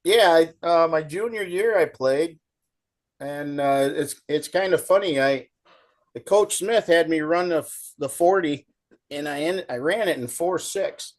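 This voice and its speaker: A middle-aged man talks through his stories in an easygoing, folksy way. His voice sits somewhat high, and he jumps up loud when he quotes someone yelling. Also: unhurried. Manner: folksy, animated storyteller, acts out shouting coach. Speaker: guest. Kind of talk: casual storytelling chat.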